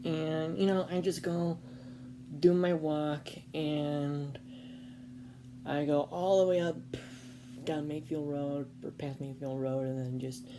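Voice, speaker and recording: A woman's voice: deep voice, level tone, slow pace, background noise. A woman vlogger telling a casual storytime, rambling with fillers and restarts.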